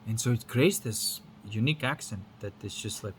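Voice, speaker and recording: A Lithuanian man, working as a spiritual teacher, gives a rambling, frank talk and swears casually. His English accent blends Lithuanian, American and British sounds. His voice is lowish and moves at a normal speed, with a little hiss or hum on the recording.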